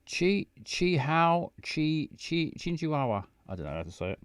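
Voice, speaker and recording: A man's voice: on the high side, big pitch swings, moderate pace, clean tone, dry recording. A man rambling and stumbling through casual live game stream commentary on a close mic. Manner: rambling, stumbling, self-mocking.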